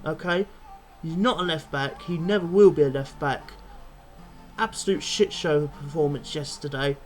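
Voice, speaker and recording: A man's voice: on the high side, moderate pace, soft background music. A young man, a football fan vlogger, angrily ranting after a match and swearing bluntly. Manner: angry, swears a lot, blunt. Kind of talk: post-match fan rant.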